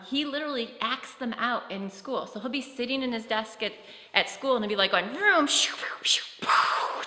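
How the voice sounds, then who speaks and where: A woman's voice: fairly high pitch, sharp tone. A woman giving a conference talk, conversational, with frequent fillers and restarts. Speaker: presenter on autism. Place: conference hall. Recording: echoey hall with long reverb.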